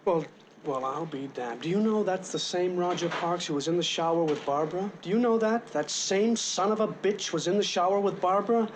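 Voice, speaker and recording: A man's voice: high voice, slight background noise, close to an everyday voice. A man playing a stammering, awkward young suitor. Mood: outraged. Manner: halting, stammering, full of restarts. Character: awkward, rambling young man courting a woman. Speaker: film character. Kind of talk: 1970s film comedy acting.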